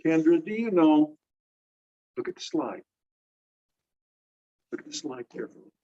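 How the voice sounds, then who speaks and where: A fairly high-voiced man leads a classroom lecture, walking through each point in order and quizzing his students as he goes. He sounds distant and muffled, picked up by a phone set across the room. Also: big pitch swings, unhurried, warm tone. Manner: explains step by step, quizzes students. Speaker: teacher. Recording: dull phone recording from a distance.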